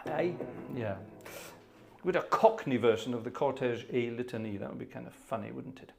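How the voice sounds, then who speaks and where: A man's voice: mid-range voice, animated, normal speed, vocal fry, soft background music. Male organist host, live stream, casual, jovial, rambling, medium voice. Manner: jovial, rambling, chuckling asides. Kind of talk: casual live-stream chat between pieces. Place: hot indoor room at an organ console.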